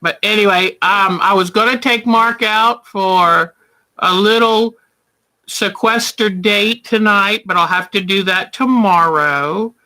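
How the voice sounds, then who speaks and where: A woman's voice: mid-range voice, slow pace, pushed and bright. A woman hosting a casual quilting livestream, chatty and affectionate, calling viewers honey.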